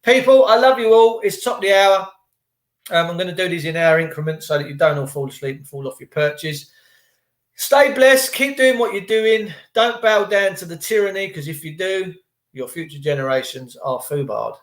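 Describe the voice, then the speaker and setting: A man's voice: high-pitched, moderate pace. A man vlogging a rambling, preachy spiritual monologue to his viewers in casual slang. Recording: echoey room.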